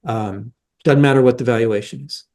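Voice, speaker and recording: A man's voice: mid-range voice, moderate pace, darkish tone. A middle-aged man giving explanatory interview answers as a mining analyst, emphatic and argumentative, with frequent restarts.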